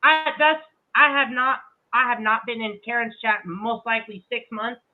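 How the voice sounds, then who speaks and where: A woman's voice: on the high side, fairly even intonation, moderate pace, faint music behind. Brash woman host trading insults on stream over a tinny phone-like line. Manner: profane, combative and mocking. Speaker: livestream host. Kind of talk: heated livestream argument.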